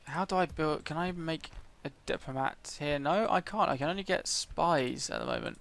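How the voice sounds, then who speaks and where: A man's voice: a little high, moderate pace, vocal fry, fairly bright tone. A man commenting on his own strategy game as he plays, thinking aloud with frequent hesitations and fillers. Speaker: let's play gamer.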